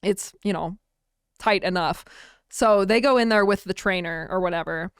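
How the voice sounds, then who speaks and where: Young woman cohost telling a story, laughs a lot, smooth clear voice, dry close sound. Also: mid-range voice, normal speed, no echo. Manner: animated, laughing, frequent "like". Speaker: podcast co-host. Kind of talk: casual storytelling chat.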